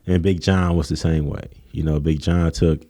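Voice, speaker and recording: A man's voice: a bass voice, moderate pace. A man who coaches college sports, telling stories in a casual interview and acting out what others said. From Kenosha, Wisconsin. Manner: animated storytelling, acts out quotes in a raised voice.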